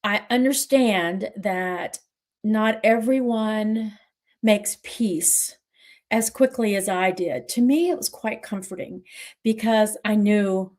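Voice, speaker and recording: A woman's voice: medium pitch, takes it slowly, a little mellow. A middle-aged woman, co-host of a livestream talk show, tells a personal story in a reflective, emotional way.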